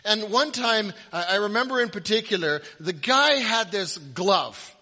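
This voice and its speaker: A man's voice: sits high, animated, a little slow, bright, forceful tone. A man preaching a sermon with humorous storytelling in a large hall. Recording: reverberant hall.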